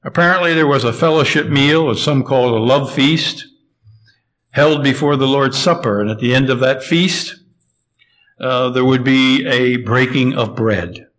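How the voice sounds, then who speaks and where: A man preaching an expository sermon, measured and emphatic, slowing down to stress key phrases. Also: medium pitch, fairly bright tone, rough recording.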